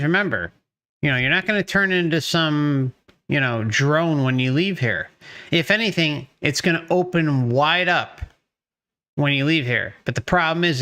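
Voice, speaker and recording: A man's voice: a little high, sharp tone. A man hosting a commentary video, reacting emphatically to a clip and repeating his points. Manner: emphatic, repeats himself, cheers the speaker on. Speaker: channel host commenting on a clip.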